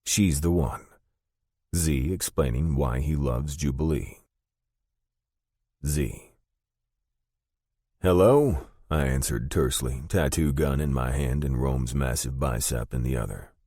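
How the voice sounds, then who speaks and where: A man reading a romance audiobook in the first person, steady and deliberate on a close studio mic. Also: rumbling low, no room sound. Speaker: audiobook narrator.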